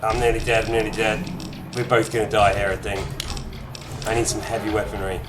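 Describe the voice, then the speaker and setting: A man giving excitable, chatty let's-play commentary while gaming, addressing viewers. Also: lowish voice, fairly quick, very noisy. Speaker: gamer streamer. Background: game music.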